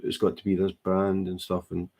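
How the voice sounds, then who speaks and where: A low-pitched Scottish man with a gravelly, creaky edge to his voice. He talks casually and plainly at home, explaining his crafting habits in an easygoing, matter-of-fact way. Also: completely flat delivery, moderate pace, a little mellow. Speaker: co-host, diamond painting hobbyist. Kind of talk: casual chat. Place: home, indoors.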